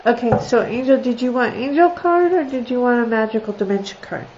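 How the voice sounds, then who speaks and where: On a live video stream from home, a woman reads cards for her viewers, chatting casually and laughing a lot while soothing her dogs. Her voice sits on the high side and is expressive and fairly quick. The computer or phone audio has its highs cut off and carries heavy background noise.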